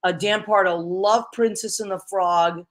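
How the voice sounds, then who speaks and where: An effusive woman host chatting casually with her guest. She tells a story with plenty of exclamations, in a medium-pitched voice. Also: steady tone, measured pace. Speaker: talk show host. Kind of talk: casual interview chat.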